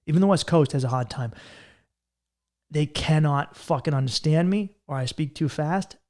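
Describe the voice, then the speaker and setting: A man, hosting a solo comedy podcast, ranting in a profane, fast-talking way and jumping into mocking voices. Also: on the high side, darkish tone. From Massachusetts. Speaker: podcast host.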